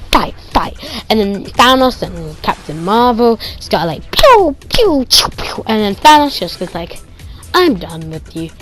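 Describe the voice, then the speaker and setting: A woman giving a casual spoken movie review, retelling scenes excitedly with pew-pew sound effects and drifting into quiet, rambling asides. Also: medium pitch.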